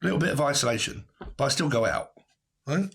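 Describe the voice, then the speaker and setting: A man's voice: medium pitch, expressive, a little fast, vocal fry, a bit bright, slight background noise. A man giving a casual tarot reading to camera, blunt and rambling, who swears and laughs often. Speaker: tarot reader.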